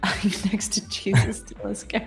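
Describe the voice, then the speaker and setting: A woman's voice: medium pitch, big pitch swings, normal speed, creaky, roomy sound, faint music behind. A woman with an Australian accent co-hosting a live stream, chatting casually, laughing often and reading the chat aloud. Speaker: livestream co-host.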